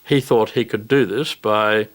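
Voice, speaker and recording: Deliberate man giving analysis. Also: on the low side, steady tone. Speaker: commentator. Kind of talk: documentary interview.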